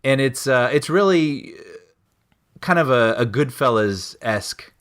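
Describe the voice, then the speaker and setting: Animated, laughing male storyteller. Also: medium pitch, unhurried. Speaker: podcast co-host. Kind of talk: casual chat, anecdote telling.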